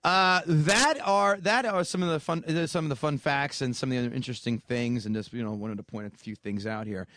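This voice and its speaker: A man's voice: mid-range voice, brisk, few pauses, a bit bright, no echo. A man with a mid-range voice who rambles and swears freely as he co-hosts a podcast. His casual talk is full of stops and restarts. The recording is dry and close. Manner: rambling, profane, restarts a lot. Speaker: podcast co-host. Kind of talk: casual chat.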